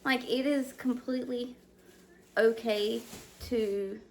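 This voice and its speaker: A stay-at-home mom vlogging at home in casual chat, hesitant with many fillers and restarts, sounding overwhelmed and emotional. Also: female voice, on the high side, steady tone, takes it slowly, heavy background noise. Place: at home indoors. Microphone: camera mic.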